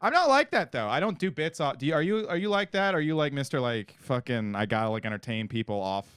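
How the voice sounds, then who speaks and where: A man co-hosting a comedy podcast, joking loudly and laughing often. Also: mid-range voice, lively intonation, quick pace, smooth, no room sound, studio quality. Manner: laughs a lot, jumps into voices. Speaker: podcast co-host. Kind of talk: loud comedic banter.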